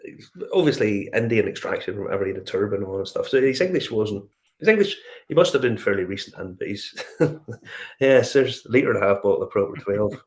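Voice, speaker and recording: A middle-aged man with a Northern Irish accent, telling animated travel stories in casual chat and acting out the dialogue. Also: lowish voice, fairly quick. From Northern Ireland. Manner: animated storyteller, acts out dialogue. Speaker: whiskey show guest.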